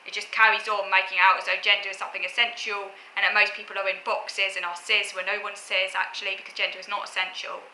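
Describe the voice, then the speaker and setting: In an echoey room with faint ambience, a woman vlogger earnestly explains her views to camera in short, restarted phrases. Her delivery is flat and quick with few pauses, her medium-pitched voice sharp in tone, with a slight hiss or hum.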